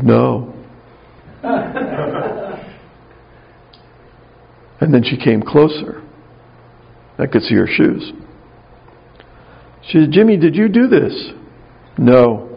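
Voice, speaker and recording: Gravelly man, mid-pitched, wry storytelling speaker; dull lo-fi recording. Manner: conversational, anecdotal, wry. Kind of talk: spiritual talk with personal storytelling.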